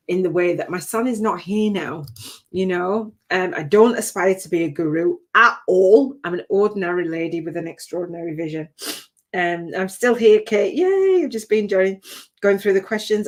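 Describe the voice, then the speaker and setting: An older woman, a spiritual business coach, telling a heartfelt personal story on a livestream, often tearful and laughing. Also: lowish voice. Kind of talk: emotional personal talk on a livestream.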